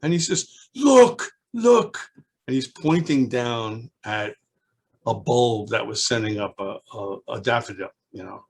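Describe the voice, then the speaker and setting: A man in his seventies reminiscing in an oral history interview, a lively storyteller who rambles with restarts and acts out children's voices. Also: lowish voice, a little slow, vocal fry, a little hiss or hum. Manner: rambling with frequent restarts and asides. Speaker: alumnus being interviewed.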